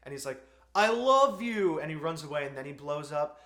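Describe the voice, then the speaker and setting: A man's voice: a little high, little pitch movement, quick pace. Exasperated ranting man, echoey room. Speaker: movie reviewer. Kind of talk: ranting film review.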